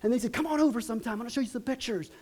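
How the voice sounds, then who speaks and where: A middle-aged man preaching a sermon as pastor, telling stories in an earnest, halting way with many restarts. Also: very high-pitched, darkish tone.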